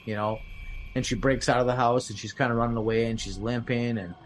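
A man's voice: medium pitch, steady tone, fast talker, faint music behind, rough recording. Rambling man recapping a horror film. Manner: rambling, many fillers, acts out quotes. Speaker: podcast host.

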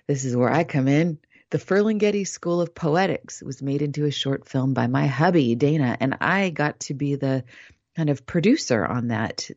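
A woman hosts an online radio show in a warm, mellow voice. She is effusive and gushing, but can slip into a soothing, meditative tone. The recording is dull and lo-fi with a dry, close sound. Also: low-pitched, no room sound. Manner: soothing, meditative delivery in opening blessing.

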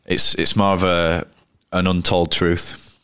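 A man's voice: low voice, little pitch movement, takes it slowly, bright, forceful tone, smooth, dry recording, clean studio sound. A man in his thirties, a cricketer guest telling anecdotes in a rambling, casual way full of restarts. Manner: rambling, frequent restarts and fillers. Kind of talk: casual storytelling interview.

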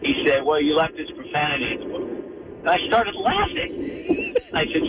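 A middle-aged man, a radio interview guest, telling lively anecdotes and acting out the people he quotes. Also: a little high, normal speed, low-quality recording. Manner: animated anecdote teller, acts out quoted voices. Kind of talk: phone-in radio interview storytelling.

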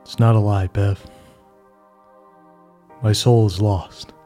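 A man's voice: fairly low pitch, steady tone, slow, dark tone, soft background music. A man voicing a weary older father bound to devils, speaking in a somber, resigned way.

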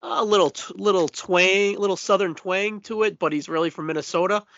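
A man with a fairly high voice chimes in on a wrestling recap in a relaxed, easygoing way and laughs often. His audio sounds muffled and lo-fi. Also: fairly quick. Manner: laid-back, laughs often. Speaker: podcast co-host. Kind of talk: casual wrestling recap chat. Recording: dull lo-fi podcast audio.

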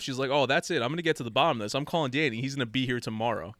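A man tells a rambling story in easy, casual chat, slipping into quoted voices and breaking into laughter. His voice sits in a middle pitch. The sound is dry and close. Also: racing, hardly any pauses, dry recording. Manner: animated, acts out quoted voices, laughs often.

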